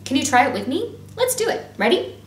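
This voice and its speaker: A woman's voice: high-pitched, very animated, brisk. A woman music teacher leading a lesson for young children, singing and talking in an upbeat, encouraging way.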